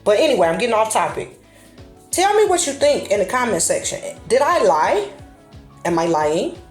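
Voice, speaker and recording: A woman's voice: fairly high pitch, very animated, moderate pace. A woman host giving casual commentary to her camera, blunt and profane, telling her stories with animation. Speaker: channel host. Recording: echoey room with faint music.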